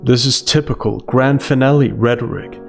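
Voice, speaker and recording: A man's voice: mid-range voice, normal speed, vocal fry. Man, commentary voice-over, dry, sarcastic, analytical, faint background music. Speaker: commentary channel host.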